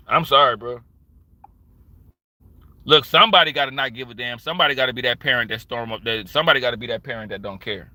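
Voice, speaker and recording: A man on a livestream rants in a sharp, cutting voice that sits a little high for a man. He is animated and profane, and he hammers each point home. The sound is dry and close, with no room around it. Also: no room sound. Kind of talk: casual ranting commentary.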